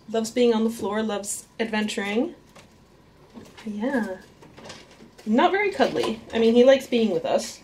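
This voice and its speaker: A woman's voice: medium pitch, a little mellow, slight background noise. Cheerful woman cooing at her pet rats. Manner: laughs often, coos at her pets in baby talk. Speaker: artist and vlogger introducing her pet rats. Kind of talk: casual vlog chat. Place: at home with her pets.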